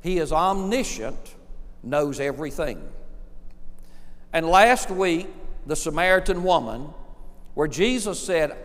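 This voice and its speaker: A man preaching a sermon as pastor, animated, with dramatic pauses and swings between soft and loud. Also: fairly high pitch. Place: church sanctuary. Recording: long reverb of a large hall.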